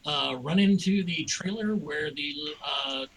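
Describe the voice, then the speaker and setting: A man playing a tabletop game, speaking in a relaxed, wry, low-key way. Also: a little slow, slight background noise, rough recording. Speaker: player. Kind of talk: casual tabletop play.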